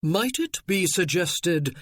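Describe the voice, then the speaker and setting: A cool, haughty duke, voiced by an audiobook reader speaks in measured, superior tones. The voice sits near the narrator's own, recorded dry and close. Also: male voice, sits high, lively intonation, fairly bright tone, no echo.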